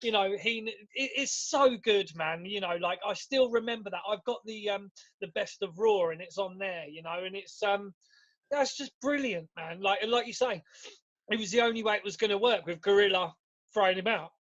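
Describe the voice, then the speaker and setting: High-voiced man laughing as he chats. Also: moderate pace, highs cut off. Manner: laughs often, animated retelling, swears freely. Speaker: podcast co-host. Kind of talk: casual chat.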